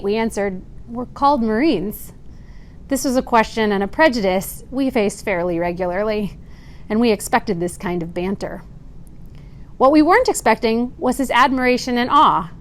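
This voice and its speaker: A woman in her forties, a Marine veteran, reading a prepared speech earnestly with occasional dry, wry asides. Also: on the high side. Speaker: Marine veteran giving testimony. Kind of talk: prepared speech read aloud.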